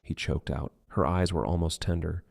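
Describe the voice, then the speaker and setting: A man reading an audiobook thriller in measured, dark scripted narration. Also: deep voice, fairly even intonation, creaky, no echo, clean studio sound.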